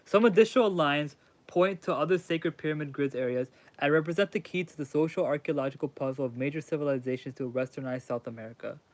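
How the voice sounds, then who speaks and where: A man reading a book aloud haltingly on stream, breaking off to chat casually with his viewers. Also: on the high side, no room sound. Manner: reads haltingly, chatting with viewers. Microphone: mic crackles when he leans in.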